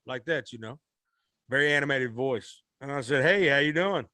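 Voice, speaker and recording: A man's voice: medium pitch, normal speed, sharp tone, dry recording. A man, a musician guest telling a rambling, folksy story in a podcast interview. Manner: rambling, repeats and restarts, Southern-style folksy speech.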